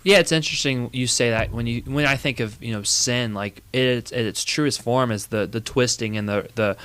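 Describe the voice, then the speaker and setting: A man co-hosting a casual church podcast, talking excitedly and often restarting his sentences. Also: medium pitch, normal speed, clean tone. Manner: excitable, jumps in with frequent restarts. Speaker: podcast co-host.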